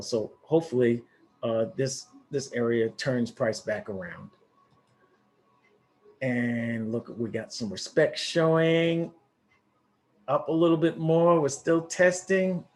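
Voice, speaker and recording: A forex trading educator speaks slowly at a medium pitch, talking straight to his viewers like a casual teacher. He narrates a live trade in a loose, excitable way, repeatedly restarting sentences.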